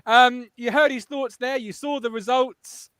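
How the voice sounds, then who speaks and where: A man's voice: very high voice, fairly even intonation, unhurried, fairly bright tone, clear, resonant tone, no echo. A man hosting a casual fan podcast over a video call, teasing and joking with his co-hosts. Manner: jokey, teasing presenter. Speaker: podcast host.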